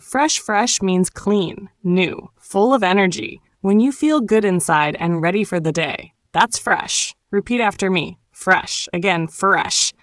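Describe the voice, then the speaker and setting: Slow, gentle woman teaching English. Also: medium pitch, no echo, clean studio sound. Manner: gentle, encouraging, repeats words for learners. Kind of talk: slow ESL lesson narration.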